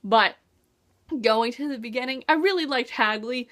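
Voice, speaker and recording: A woman's voice: on the high side, moderate pace, a bit bright. Bubbly young woman gushing over a book. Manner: bubbly and gushing, lots of "like" and "oh my gosh". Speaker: book reviewer. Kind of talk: casual book review vlog.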